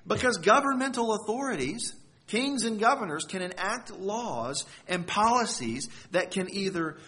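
A man's voice: high-pitched, a bit bright. A man preaching a sermon, earnest and emphatic, leaning hard on key words. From United States.

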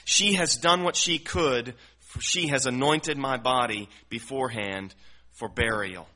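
A man voicing a calm, authoritative teacher, quoting his words in a lower, measured, gentle tone.

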